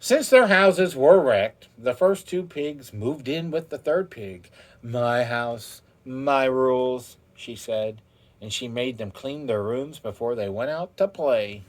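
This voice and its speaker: A man reading a children's picture book aloud in a soft, unhurried storytelling voice, with the odd chuckle. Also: mid-range voice, expressive.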